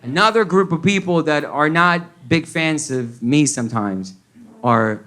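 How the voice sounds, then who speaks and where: A man's voice: fairly high pitch, unhurried, fairly bright tone. A man from Colombia with a Colombian accent, doing a stand-up set that mixes English and Spanish and acts out the people in his stories. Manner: switches between English and Spanish, acts out characters. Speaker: stand-up comedian. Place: comedy club stage with audience.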